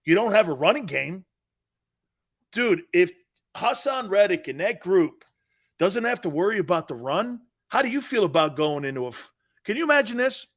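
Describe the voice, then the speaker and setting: A brash middle-aged man running a live sports talk show. His voice sits high and swings widely as he argues, mocking pundits. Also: fairly bright tone. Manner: laughs at his own points.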